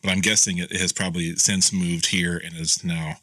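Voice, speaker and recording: A man's voice: low voice, level tone, moderate pace, sharp tone, dry recording, low-quality recording. A man co-hosting a podcast in laid-back, joking casual chat on a close mic. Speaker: podcast co-host.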